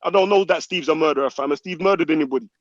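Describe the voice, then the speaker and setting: A man hosting a heated live-stream debate cuts in and urgently repeats words, speaking very fast in a slightly high voice. The dull, lo-fi online audio carries slight background noise.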